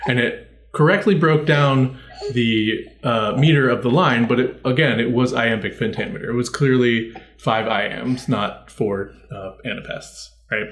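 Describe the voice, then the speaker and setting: A man co-hosts a casual chat podcast, rambling through a nerdy story and correcting himself as he goes. His voice sits at an ordinary pitch for a man and carries a roomy echo. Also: unhurried, a bit bright. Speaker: podcast co-host.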